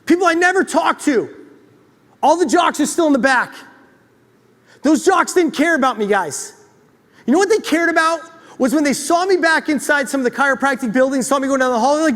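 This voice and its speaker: Man, very high voice, motivational storytelling talk, joking and self-deprecating, long hall reverb. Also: lively intonation, normal speed, a bit bright. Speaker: speaker at a chiropractic event.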